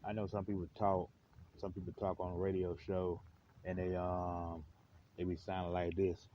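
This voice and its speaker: Deep-voiced man rambling on a live stream. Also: completely flat delivery, moderate pace. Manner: slangy, rambling, many fillers. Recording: dull lo-fi with faint hiss.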